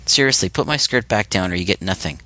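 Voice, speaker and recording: A man voicing a defiant, sharp-tongued young goth woman held captive, speaking bluntly with scorn and curses. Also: low voice, animated, quick pace, no echo, heavily acted. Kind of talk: audiobook character reading.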